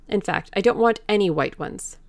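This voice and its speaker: A woman voicing a young Victorian gentleman who speaks in a raised, brisk and authoritative way, with a gravelly voice. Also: mid-range voice, no echo, voice pushed up, lightly acted. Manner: soft pleading, then brisk and authoritative. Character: Dorian Gray, young Victorian gentleman, pleading then commanding.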